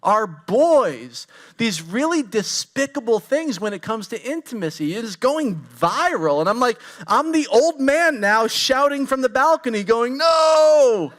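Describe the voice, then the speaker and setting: A man's voice: very high-pitched, big pitch swings, a little slow, a bit bright. A man in his forties giving a conversational sermon as pastor, candid and storytelling, talking straight to his congregation. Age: 40s.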